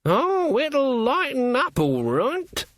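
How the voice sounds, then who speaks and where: A man's voice: very high-pitched, huge pitch swings, a bit bright, no echo, studio quality, voice pushed up, exaggerated voice. A man putting on an icy old witch woman. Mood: icy sarcastic. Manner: icy, slow, sarcastic. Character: stern old female witch, cold and cutting.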